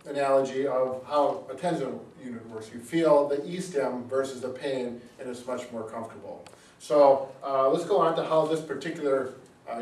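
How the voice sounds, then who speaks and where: A man's voice: on the high side, darkish tone. Plain-spoken man, echoey and distant. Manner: plain-spoken, explains step by step with frequent fillers. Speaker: physical therapist host. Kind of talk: casual product demonstration. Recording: echoey room, mic at a distance.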